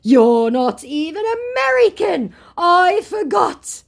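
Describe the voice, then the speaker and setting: A woman voicing a dim-witted, smug male online scammer with a slow, mocking drawl. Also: very high-pitched, very animated, vocal fry, pitched above the performer's own voice, heavily acted.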